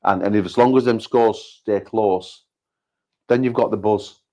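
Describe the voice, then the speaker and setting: A British man, an arm wrestling promoter, hosting a casual livestream chat full of banter and quick joking asides, often repeating himself. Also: fairly low pitch, fairly even intonation, mellow. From United Kingdom.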